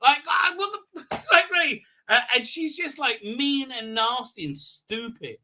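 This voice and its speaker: A man's voice: very high-pitched, expressive, measured pace, bright, forceful tone. A man hosting a live stream, recapping an episode in a rambling, stammering rant with mock voices for the characters. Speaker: show host.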